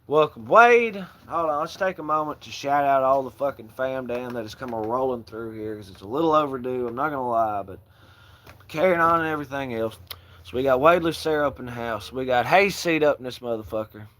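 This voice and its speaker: A man's voice: medium pitch, brisk. Profane, joking man hosting a livestream. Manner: loose, profane, joking, shouting out viewers by name. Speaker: livestream host. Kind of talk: casual livestream chat, reading out viewer comments.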